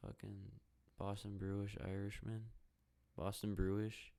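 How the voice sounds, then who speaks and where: Gravelly low-voiced young man ranting. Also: completely flat delivery, moderate pace. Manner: profane, rambling, jokey, reacts out loud to the game. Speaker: podcast host. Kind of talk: casual solo podcast rambling while watching hockey.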